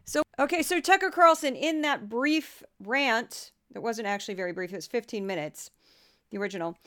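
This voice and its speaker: A middle-aged podcast host from the US Midwest speaks at a moderate pace in a fairly bright voice on the high side. She's chatty and casual, tossing in wry, self-deprecating asides.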